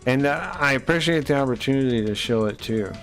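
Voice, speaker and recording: A man's voice: medium pitch, a little fast, soft background music. A man streaming a game, chatting casually in a loose, rambling, profane way. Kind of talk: casual live-stream chat while playing.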